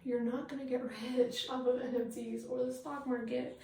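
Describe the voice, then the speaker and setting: A woman's voice: sits high, level tone, normal speed, creaky, dark tone. A woman ranting bluntly and with a lot of swearing while doing her makeup for a get-ready-with-me video, often trailing off into fillers. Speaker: vlogger. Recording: echoey room, distant mic, faint noise.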